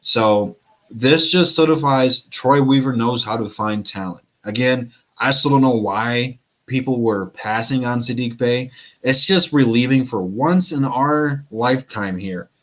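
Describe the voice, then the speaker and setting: Casting: relaxed male podcast co-host, mid pitch, chatty. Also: unhurried. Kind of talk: casual sports talk.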